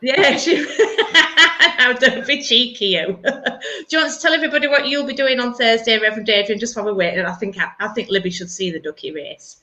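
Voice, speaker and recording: A woman's voice: fairly high pitch, a little fast, sharp tone. Chatty middle-aged woman hosting, laughing often. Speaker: church service host. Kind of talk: casual live-stream chat.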